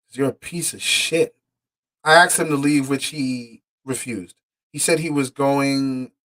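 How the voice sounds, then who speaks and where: A man hosting a podcast, angrily commenting on court documents he reads aloud, profane and indignant, stumbling over words and swinging from muttered asides to loud outbursts. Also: mid-range voice. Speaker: podcast host.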